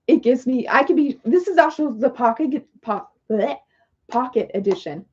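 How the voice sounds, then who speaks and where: A woman's voice: sits high, expressive, normal speed, darkish tone, slightly rough, dull audio. A woman hosting a casual livestream, chatting in a rambling, apologetic way while she works through oracle cards. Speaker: livestream host doing oracle card readings.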